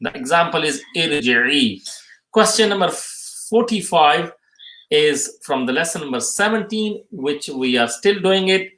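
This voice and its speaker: Male tajweed teacher, slightly high voice, hesitant, repeats terms, roomy echo. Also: lively intonation, pushed and bright. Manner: halting, many fillers, restates terms twice. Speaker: Quran recitation teacher. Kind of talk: live tajweed lesson, reading questions and answers. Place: mosque or Islamic centre room.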